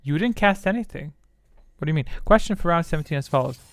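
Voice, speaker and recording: A man hosting a live-stream quiz, muttering to himself and grumbling at his software while he fixes settings. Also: fairly high pitch, lively intonation, fast talker, no room sound. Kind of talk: casual live-stream chat.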